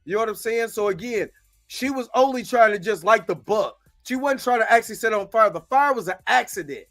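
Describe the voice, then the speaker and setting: A man's voice: sits high, expressive, fairly bright tone, soft background music. A man hosting his own show, giving a slangy, casual episode recap and often asking "you know what I'm saying". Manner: acts out the characters' lines in quick bits. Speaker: show host.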